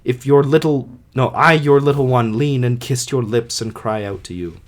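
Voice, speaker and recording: A man's voice: medium pitch, moderate pace, natural voice. A man voicing a grieving young boy in his own plain voice, reading a lament for an amateur audiobook.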